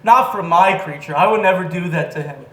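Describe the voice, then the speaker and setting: A man playing a host who calmly treats creature milk as normal, matter-of-fact about the absurd. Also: sits high, a little fast, lightly acted. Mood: deadpan. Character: cheerfully strange man offering creature milk. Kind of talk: sketch comedy. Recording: echoey room, loud noise.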